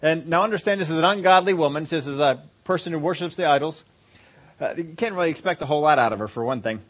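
A male pastor delivers a sermon in a relaxed, chatty way. He pitches his voice a little high, chuckles often, and drops into short acted exchanges to make his point. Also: fast. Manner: conversational preaching, laughs easily, acts out little scenes.

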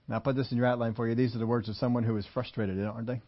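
A man preaching a sermon, slowing down and stressing key phrases and repeating points for his listeners to note down, now and then chuckling at his own jokes. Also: mid-range voice, little pitch movement. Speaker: pastor. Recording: dull lo-fi sermon audio.

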